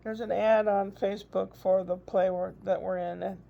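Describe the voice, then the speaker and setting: A woman's voice: mid-range voice, little pitch movement, normal speed, gravelly, mellow. An older woman, a grandmother, chatting in a rambling, casual video diary. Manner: chatty, rambling, frequent laughs. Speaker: vlogger. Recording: dull lo-fi recording.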